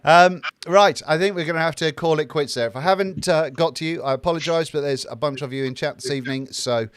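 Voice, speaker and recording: British male co-host, slightly high voice, jokey chat reader, dry close mic. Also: quick pace, clear, resonant tone, dry recording. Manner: jokey, chatty, reads viewer comments aloud with fillers. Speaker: livestream co-host reading chat. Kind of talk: casual live chat.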